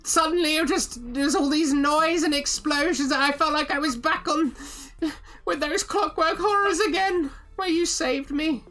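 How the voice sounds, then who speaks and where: A woman's voice: sits high, measured pace, a bit bright, voice pushed up. A woman voicing a nervous, polite little male clockwork creature who stammers deferentially. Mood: grateful.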